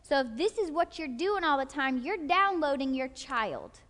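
Animated woman teaching in a hall. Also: high-pitched. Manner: animated, acts out quick quoted voices, checks in with listeners often. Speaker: workshop teacher. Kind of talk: live teaching talk to a group. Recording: long hall reverb.

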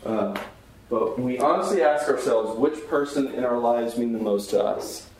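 A chaplain with a mid-range, darkish voice leads a Bible class at a moderate pace, teaching earnestly and conversationally and posing questions to the group. The room is very echoey, with faint background hiss.

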